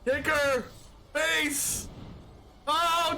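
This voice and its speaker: A man streaming a card game, giving excited commentary full of loud exclamations and laughter. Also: sits high, measured pace.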